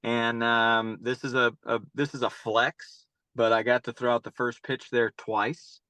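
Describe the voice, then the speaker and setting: A man's voice: medium pitch, flat delivery, a little slow, sharp tone, dry recording. A middle-aged man from North Carolina, a youth baseball coach, answering interview questions in long, rambling stories and often repeating his words. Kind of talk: casual interview storytelling.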